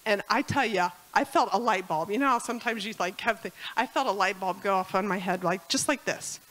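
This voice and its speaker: A woman's voice: medium pitch, fairly quick, fairly bright tone, low-quality recording. A woman telling a personal story in a church sermon, chatty and emotional, near tears at times. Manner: emotional, tearful at times, chatty with many fillers. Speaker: speaker at a church service. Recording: music playing behind.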